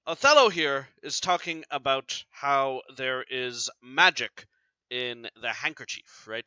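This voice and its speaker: A man's voice: mid-range voice, pushed and bright, smooth, no echo. A man teaching a literature lesson in an explanatory way, often checking in with "right?", recorded dry and slightly dull.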